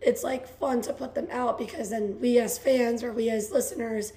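A young woman in her twenties co-hosts a chatty podcast, her voice hoarse and worn out. She gushes in a bubbly rush, stringing thoughts together with lots of "like"s, and sits a little higher in pitch than most women. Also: fairly even intonation, normal speed, dark tone. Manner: bubbly, gushing, many "like"s. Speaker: podcast co-host. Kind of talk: casual chat.

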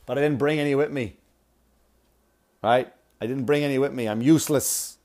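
A man's voice: mid-range voice, normal speed, a little mellow. A comedian chatting casually to his viewers, telling a rambling, profane story with asides, sounding like he has a cold.

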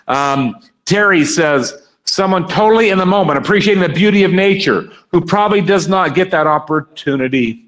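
A man leads an interactive seminar as a workshop speaker, energetically coaxing his live and online audience and repeating their answers aloud. His voice is on the high side and fairly bright, and the recording is rough.

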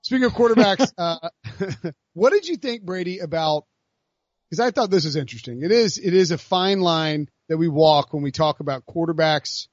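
A man hosting a casual sports podcast, talking in an animated way with lots of fillers and restarts. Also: fairly high pitch, moderate pace, no room sound, highs cut off. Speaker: podcast host.

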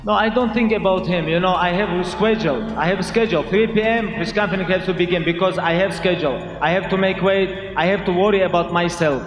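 A fighter answering questions in earnest, non-native English with loose grammar. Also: male voice, high-pitched, fast talker, hardly any pauses, highs cut off. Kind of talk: interview answers.

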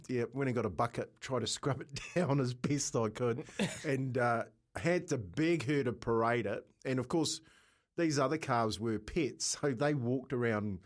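A middle-aged man with a New Zealand accent chats in a radio studio and tells a story with plenty of laughter. His voice sits at an ordinary middle pitch. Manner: animated storyteller, laughs often, calls people mate. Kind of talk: casual chat, anecdote.

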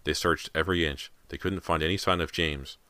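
A man voicing a caring teenage daughter who speaks softly and reassuringly despite her fear. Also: deep voice, steady tone, a little fast, dry recording. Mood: anxious. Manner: soft-spoken, reassuring. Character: caring teenage daughter, frightened but steady.

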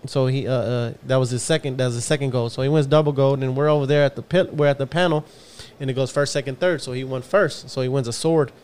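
Fast-talking Texan man telling a story. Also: medium pitch, smooth. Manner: animated storyteller, acts out quotes, swears freely. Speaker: podcast co-host. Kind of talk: casual storytelling among friends.

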